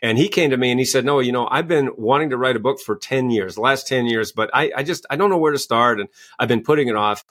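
A man's voice: medium pitch, fast talker, few pauses, a bit bright. Enthusiastic male coach telling stories. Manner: enthusiastic, storytelling, acts out quoted voices. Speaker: guest, executive coach and author. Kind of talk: animated interview answers.

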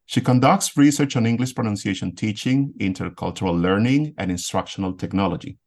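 A man hosting a podcast, formally introducing his guests and asking measured interview questions. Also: lowish voice, a little mellow. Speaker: podcast host.

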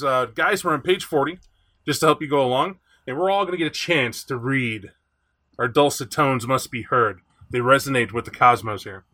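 A man hosting a podcast in casual chat, animated and chatty, reading aloud from a rulebook. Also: fairly high pitch. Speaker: podcast host.

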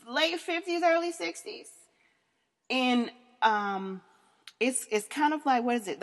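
Her voice on the high side and fairly bright, a woman in her thirties hosts a podcast and shares a story candidly, bluntly and crudely, breaking into laughter. The recording carries a long reverb.

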